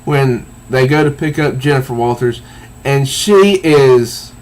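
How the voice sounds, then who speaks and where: A man's voice: mid-range voice, a little slow. A man casually reviewing a comic book, reading panels aloud with easygoing, enthusiastic asides.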